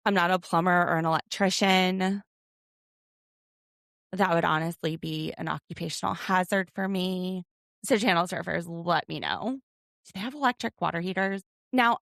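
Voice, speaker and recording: A woman's voice: on the low side, creaky, fairly bright tone, no room sound, studio quality. A woman in her thirties hosting a podcast, giving a chatty, wry recap with self-deprecating asides. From United States. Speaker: podcast host. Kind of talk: casual recap commentary.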